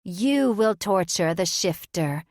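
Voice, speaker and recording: A woman voicing a coven of stern elder witch sisters, speaking slowly and forcefully with a cold, menacing edge. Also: mid-range voice, animated, dry recording, studio quality.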